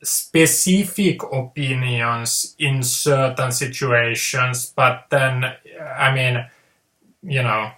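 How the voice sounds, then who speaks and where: A man's voice: medium pitch, slow pace, sharp tone. A man hosting his own video channel, rambling through a casual, hesitant monologue. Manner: hesitant, many fillers and restarts. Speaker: video host. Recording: roomy echo.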